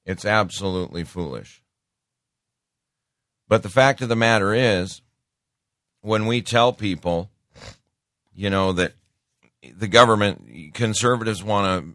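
A man's voice: on the low side, a bit bright, no echo, clean studio sound. A middle-aged man hosting a talk show, giving plainspoken, opinionated political commentary and talking straight to his listeners as folks. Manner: preachy, quotes scripture.

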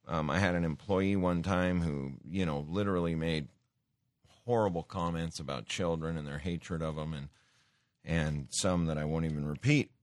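A man's voice: very deep voice, no echo, clean studio sound. A man giving an earnest sermon-style teaching, talking with many fillers and restarts and rising in emphasis when he cites scripture. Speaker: Christian teacher.

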